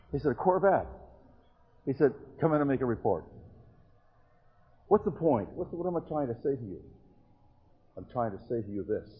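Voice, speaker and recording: Husky-voiced preacher telling stories. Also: male voice, medium pitch, phone-quality sound. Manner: earnest storytelling with retold dialogue. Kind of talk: evangelistic sermon.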